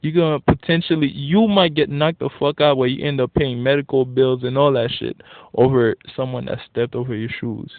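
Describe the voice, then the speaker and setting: A man in a casual, profane ranting monologue, blunt and getting animated when worked up. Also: medium pitch, a little fast, dry recording. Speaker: vlogger. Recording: tinny phone-like dry audio.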